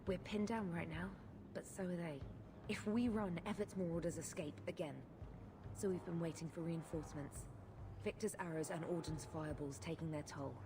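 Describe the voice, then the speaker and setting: A woman's voice: fairly low pitch, moderate pace, lightly acted. An actress playing a weary female guard lieutenant in a video game, giving blunt, urgent orders. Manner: blunt, urgent military briefing. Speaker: game character. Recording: game audio with background noise.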